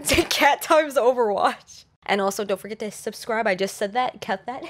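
Woman, YouTuber, giggly, exclamatory, high voice, very animated pitch, blooper takes. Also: measured pace, slight background noise. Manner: giggly and exclamatory, flubbing and restarting lines. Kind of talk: blooper reel of vlog intros.

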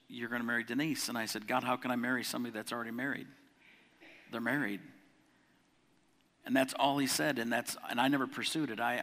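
Male pastor, bright forceful tone, preaching a sermon in a church hall with long reverb. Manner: preaching with rising volume on scripture, dropping low for personal stories.

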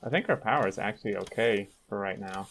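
A man's voice: fairly low pitch, fast talker, fairly bright tone, slight background noise. A man hosting a multiplayer game session in casual chat, joking and sarcastic, often laughing. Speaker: gaming host.

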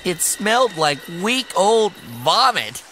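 A man's voice: high voice, sing-song, slow, over music, voice pushed up, exaggerated voice. A man reading an audiobook, voicing a frightened young boy who narrates breathlessly and cries out in panic. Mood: frantic.

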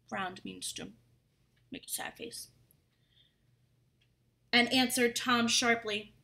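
A woman's voice: on the high side, takes it slowly, long pauses, pushed and bright. A woman teacher reading a story aloud and explaining words to young children, chatty and full of questions.

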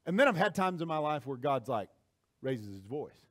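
A male pastor preaching a sermon, moving between quiet asides and loud shouted points. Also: medium pitch, fairly quick. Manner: animated preaching, swings from soft asides to shouting.

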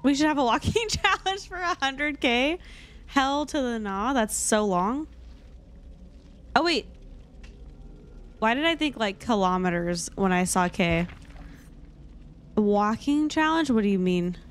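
An excitable young woman streamer reacting to a game, her high voice swooping all over. She talks slowly and drawn out, with frequent laughs and dramatic exclamations. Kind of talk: casual gameplay commentary.

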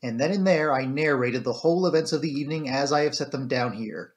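A man giving calm, even first-person narration of a classic mystery audiobook. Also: medium pitch, fast.

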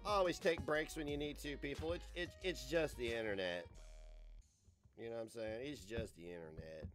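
A man in his forties streaming live, ranting in a crude, mocking, loud way. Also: mid-range voice, normal speed, soft background music. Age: 40s.

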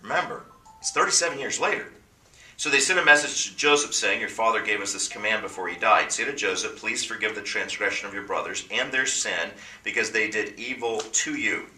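Male pastor, emphatic sermon delivery, bright tone, mic a bit distant in a big room. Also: lowish voice, fairly quick, roomy sound, a little hiss or hum. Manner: preaching with emphatic, rising bursts.

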